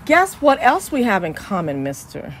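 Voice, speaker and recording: A woman's voice: mid-range voice, wildly swooping pitch, moderate pace, slight background noise. A woman with an East Texas Southern accent hosting Christian radio, talking in an exuberant, preachy way and repeating her phrases. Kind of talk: lively radio chat.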